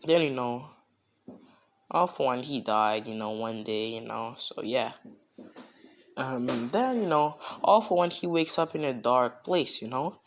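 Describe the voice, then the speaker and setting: A young man improvising a fan story in a loose, rambling way, full of casual fillers. He talks slowly, and his voice sits at a mid pitch. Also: animated, a little hiss or hum. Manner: rambling, heavy on "you know" fillers.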